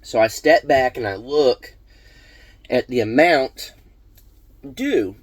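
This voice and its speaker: A man's voice: mid-range voice, expressive, takes it slowly, slightly rough, no room sound. A man casually telling a personal story on his vlog, rambling with many fillers and restarts. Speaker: vlog host.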